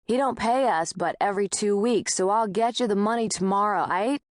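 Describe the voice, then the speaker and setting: A woman's voice: medium pitch, moderate pace, no echo, clean studio sound, voice pushed up, close to an everyday voice. A woman voicing a cranky, defiant young woman who talks back in streetwise slang.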